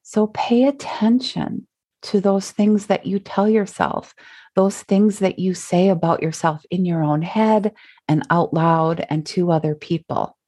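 Slow, low-voiced Minnesotan woman podcaster. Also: warm tone. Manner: reflective, with laughs and fillers. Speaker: podcast host. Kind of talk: casual solo podcast talk.

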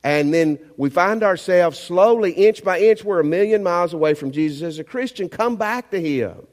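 Delivering his sermon in a high-pitched voice at a moderate pace, a male pastor speaks with animated emphasis and fires rhetorical questions at his congregation, his words echoing in a big room.

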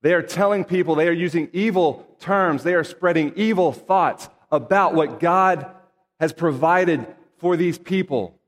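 A man's voice: on the high side, a little slow, long reverb tail. A man reading scripture aloud and then preaching in an earnest, conversational way with emphatic asides. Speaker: pastor.

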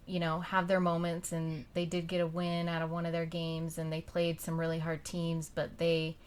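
A woman's voice: lowish voice, completely flat delivery, normal speed, slight background noise. A woman podcast host and youth soccer coach, chatting casually and telling rambling stories with frequent laughs. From Utah, United States. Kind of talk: casual interview chat.

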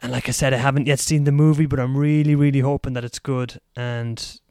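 A man's voice: medium pitch, fairly even intonation, brisk, darkish tone, clear, resonant tone, no room sound, studio quality. A man hosting a solo podcast, chatting casually and rambling about movies, laughing at himself now and then. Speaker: podcast host. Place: lives in Taiwan.

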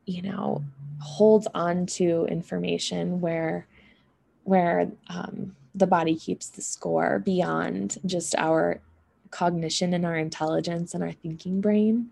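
A woman talks through emotions and healing in a slow, drawn-out monologue. Her voice is heavy with vocal fry and has a dark, husky tone. She muses aloud and keeps checking in with "right?" and "you know". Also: on the low side, steady tone. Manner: unhurried, musing, often adds "right?" and "you know".

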